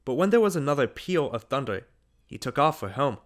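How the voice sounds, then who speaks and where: A man reading a literary short story aloud as an audiobook narrator, in a measured, unhurried manner. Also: mid-range voice, sing-song.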